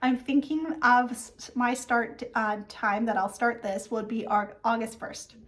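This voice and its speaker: A woman's voice: on the high side, fairly even intonation, a little slow. A woman in her thirties hosting a stitching vlog, telling a story in a chatty way with many fillers and acted-out quotes. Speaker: flosstube host. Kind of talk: casual chat.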